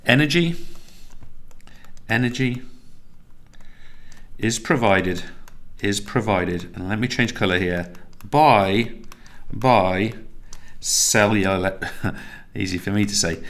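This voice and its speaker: A man's voice: fairly low pitch, slow pace, pauses often, bright, forceful tone. A man teaching a recorded tutorial lesson, chatty and self-correcting, laughing at his own slips.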